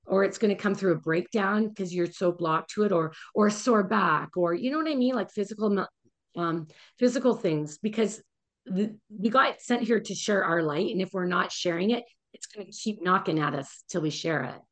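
A woman's voice: medium pitch, moderate pace. A woman wellness coach, a guest on a podcast, giving frank and encouraging advice in casual conversation and swearing now and then.

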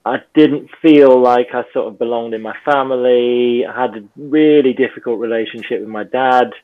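A man's voice: mid-range voice, steady tone, normal speed. Man on a thin phone-like line. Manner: thoughtful, hedging with "kind of" and "you know". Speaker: podcast guest. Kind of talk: reflective conversation.

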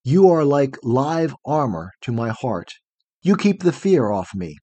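A man's voice: mid-range voice, lively intonation, unhurried, warm tone, dry recording. A man playing a frightened young hero. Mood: grateful. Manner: fearful, pleading.

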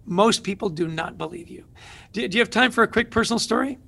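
Energetic male guest author with a high, gravelly voice, animated storyteller. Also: fast. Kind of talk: interview conversation.

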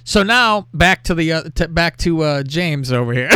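A man hosting a casual show, telling a crude story in a lively, profane way and reading out text messages. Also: on the high side, slow pace, smooth. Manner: animated, profane, reads out texts with laughter. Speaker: podcast host.

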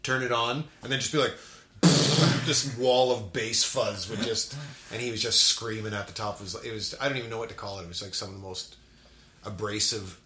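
A man in a band, chatting casually and telling animated stories with frequent laughs. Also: fairly low pitch, brisk, echoey room. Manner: animated storyteller, laughs often. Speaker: band member. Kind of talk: casual chat.

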